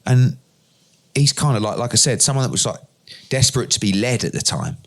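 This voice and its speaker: Animated man telling stories. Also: mid-range voice, a little fast. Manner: animated anecdote-telling, acting out dialogue with swearing. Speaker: interview guest, boxing promoter. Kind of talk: conversational storytelling.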